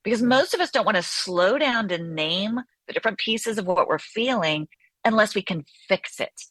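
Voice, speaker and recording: A woman therapist talking as an interview guest, animated and acting out inner voices as she explains. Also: mid-range voice, moderate pace, no room sound. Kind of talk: conversational interview.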